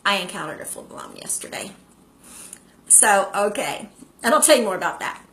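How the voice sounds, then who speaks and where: A woman's voice: mid-range voice, expressive, moderate pace, fairly bright tone, slight background noise. Chatty woman in an echoey room. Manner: chatty, greets viewers by name. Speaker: live stream host. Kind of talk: casual talk to live viewers.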